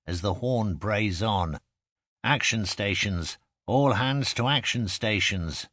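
Deep-ish guy reading an audiobook, measured and vivid, dry close sound. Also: no room sound. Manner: measured, vivid first-person storytelling. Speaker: audiobook narrator. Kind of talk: scripted narration.

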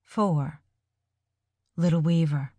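A woman reads a first-person story in an unhurried, measured manner. Her voice sits on the low side, and the recording is close and dry with no room sound. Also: dark tone, husky, no echo. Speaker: audiobook narrator.

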